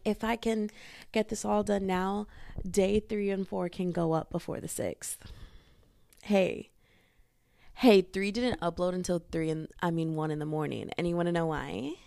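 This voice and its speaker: A woman's voice: medium pitch, vocal fry, a little mellow, dry recording, studio quality. A young woman hosting a solo podcast from her bedroom, ranting animatedly and breaking in with repeated interjections. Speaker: podcast host. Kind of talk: casual solo podcast rant.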